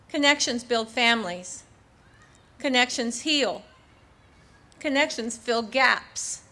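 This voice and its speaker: An older woman speaks into a podium microphone at an outdoor memorial ceremony. Her voice sits a little high and sounds bright and clear. She talks in an earnest, measured way, with small restarts, as she reads parts of her speech. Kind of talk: public speech partly read from her book. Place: outdoor civic ceremony in a park.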